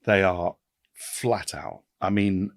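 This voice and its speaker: A man in his fifties, a podcast guest, talking in an animated way with quick restarts and repetitions. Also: low-pitched, vocal fry, no room sound, clean studio sound. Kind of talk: casual interview chat.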